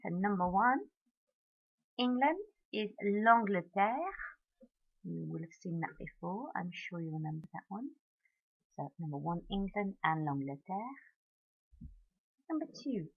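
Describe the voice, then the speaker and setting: A woman French teacher talking her class through marking answers in a recorded lesson, modelling each French word clearly. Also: medium pitch, animated, slow, pauses often, narrow, tinny audio.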